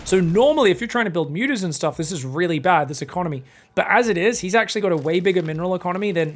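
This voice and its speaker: A young man casting a strategy game match alone, excitable and crude, swearing freely and joking between plays. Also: high voice, slight background noise. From Australia. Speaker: esports caster. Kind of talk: solo game commentary.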